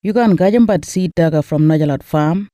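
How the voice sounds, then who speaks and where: A man's voice: on the high side, fairly quick, warm tone, dry recording, clean studio sound, natural voice. A man with an Australian Kriol accent voicing Boaz, a gracious wealthy male landowner, in a Bible story reading. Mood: kindly.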